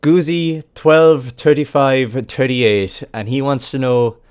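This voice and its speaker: A man's voice: medium pitch, slow, darkish tone, clean tone. A man with an Irish accent hosting a casual podcast chat, loose and rambling, swearing freely. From Ireland. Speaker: podcast host.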